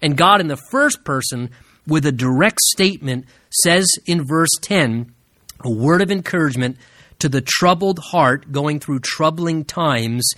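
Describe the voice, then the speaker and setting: A man preaching a sermon in an earnest way, who slows down and drops his voice low to stress key phrases. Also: lively intonation, fairly bright tone, dry recording, studio quality. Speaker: pastor.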